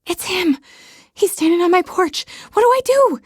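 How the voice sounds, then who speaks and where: A woman voicing a flustered, panicky young woman in an audiobook, with high-strung exclamations. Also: very animated, moderate pace, no echo, clean studio sound. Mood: frantic. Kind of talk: audiobook dialogue reading.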